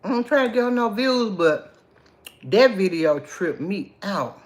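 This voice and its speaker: Animated chatty woman livestreaming. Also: medium pitch, takes it slowly. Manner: chatty, animated, greets viewers by name. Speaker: livestream host. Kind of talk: casual livestream chat with viewers.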